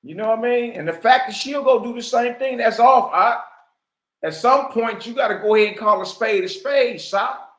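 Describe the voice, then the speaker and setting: High-voiced slangy man in an echoey room. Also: normal speed, a bit bright. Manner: slangy, emphatic, full of rhetorical questions. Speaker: online commentator and religious teacher. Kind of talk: casual commentary turning to preaching.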